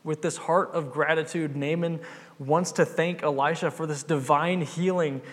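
A man's voice: on the high side, fairly even intonation, normal speed, fairly bright tone. A man preaching a sermon, retelling a Bible story in an earnest, conversational way. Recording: long hall reverb.

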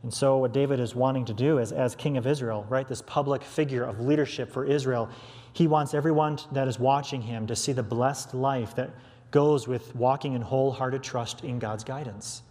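A man's voice: mid-range voice, steady tone, moderate pace, a little mellow. A man preaching an earnest expository sermon, restarting phrases as he works through a text. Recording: long hall reverb.

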